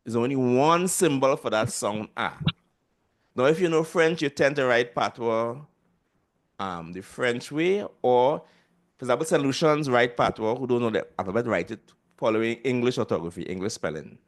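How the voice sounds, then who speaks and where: A man's voice: medium pitch, animated, moderate pace. Trinidadian man teaching over a video call. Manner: patient, repeats sounds for students to echo. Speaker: language teacher. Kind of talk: online class instruction.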